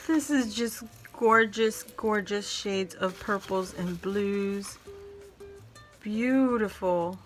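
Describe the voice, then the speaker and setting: Crafting vlogger, woman, slow easy delivery, gushing and effusive, faint music bed. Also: mid-range voice. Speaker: crafting channel host. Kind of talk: casual unboxing vlog.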